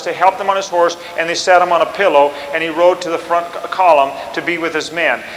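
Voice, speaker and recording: A male storyteller recounts history with lively energy and acts out the scenes as he goes. His voice sits high, and a long reverb with faint noise surrounds it. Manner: animated, acts out scenes and commands.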